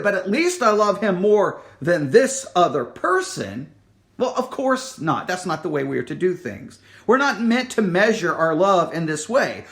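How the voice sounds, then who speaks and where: A man with a notably high voice delivers a sermon. He reads scripture and retells it with dramatic swings, sinking to hushed, drawn-out words and rising again for emphasis. He often restarts and repeats words as he preaches. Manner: dramatic, drops to near-whisper for emphasis, then rises.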